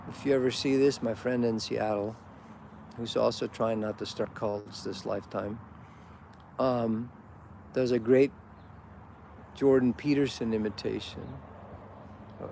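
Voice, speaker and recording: A man's voice: medium pitch, darkish tone, a little hiss or hum. A man hosting a casual livestream, ranting bluntly and preachily, swearing often. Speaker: livestream host. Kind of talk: casual unscripted rant.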